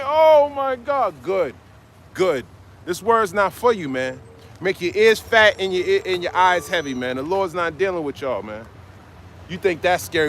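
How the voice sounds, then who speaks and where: Fiery high-voiced street preacher. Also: male voice, fairly bright tone, a little hiss or hum. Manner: fiery, exhorting, ends phrases with "man". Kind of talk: open-air street sermon. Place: outdoors at an urban marketplace.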